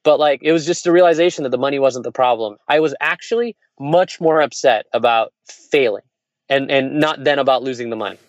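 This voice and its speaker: A man's voice: medium pitch, fairly quick, no room sound, lo-fi sound. A man who is an entrepreneur tells candid stories in casual conversation, with restarts and quoted dialogue. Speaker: entrepreneur guest.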